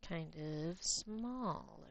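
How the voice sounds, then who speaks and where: An American woman chatting casually on a livestream while drawing, laughing easily, swearing bluntly, and sometimes dropping to a quiet mutter as she works. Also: lowish voice, lively intonation, very slow. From United States. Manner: drifts to quiet murmurs while working. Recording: muffled lo-fi stream audio.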